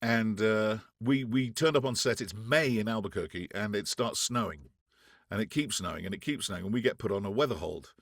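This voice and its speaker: A man from France, a guest actor, telling animated stories in an interview, acting out quotes with restarts along the way. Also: fairly low pitch, brisk, no echo, studio quality. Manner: animated anecdotes, acts out quotes, frequent restarts. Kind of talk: casual interview storytelling.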